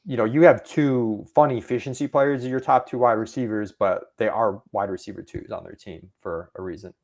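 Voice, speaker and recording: A man's voice: fairly low pitch, steady tone, fairly quick, creaky, darkish tone. A man co-hosting a casual fantasy football draft podcast, thinking aloud and talking himself into picks. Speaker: podcast co-host.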